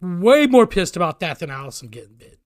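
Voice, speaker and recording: Profane, animated man telling a story. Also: high-pitched, brisk, no echo, studio quality. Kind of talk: casual storytelling.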